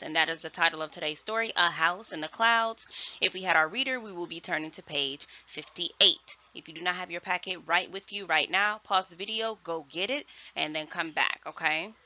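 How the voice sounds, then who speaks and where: A woman first grade teacher giving a virtual lesson, speaking slowly and enunciating clearly. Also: on the low side, bright, forceful tone. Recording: dull lo-fi sound.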